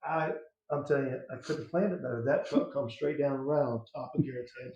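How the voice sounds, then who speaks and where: A man telling a family story as an interview guest, lively and laughing, acting out the quotes. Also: mid-range voice, fairly quick, creaky. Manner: animated, laughing storyteller who acts out quotes. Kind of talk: casual storytelling. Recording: roomy, dull sound.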